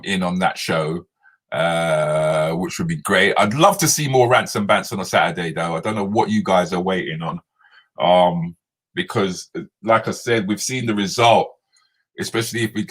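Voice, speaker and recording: A man's voice: low-pitched, moderate pace. A man hosting a casual live stream, chatting and laughing as he answers viewer comments.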